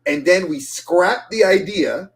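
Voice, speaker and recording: A man co-hosting a casual podcast chat, telling stories with jokes and quick repeated restarts. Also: high voice, animated. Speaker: podcast co-host.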